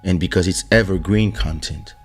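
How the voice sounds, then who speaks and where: Male podcast host, very deep voice, hoarse, unhurried, live-stream chat, faint music underneath. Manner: greets viewers by name, warm shout-outs. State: hoarse from losing his voice. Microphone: studio microphone.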